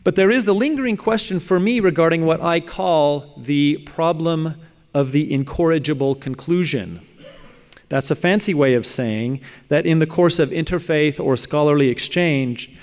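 A man reading a prepared academic paper aloud in a measured way, now and then stumbling and restarting. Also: a little high, darkish tone. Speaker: speaker presenting a paper on religious apologetics. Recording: echoey hall with long reverb.

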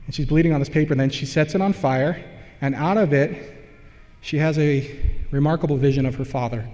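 A man's voice: fairly high pitch, fairly quick, a little mellow. Man lecturing in a reverberant hall. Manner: explanatory, loosely conversational with asides. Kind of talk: academic slide lecture.

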